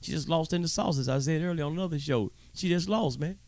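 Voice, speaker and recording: A man's voice: fairly high pitch, fast talker, darkish tone, no room sound. A man hosting his own show, delivering a heated, profane commentary monologue with preachy emphasis and stammering repeats. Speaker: show host.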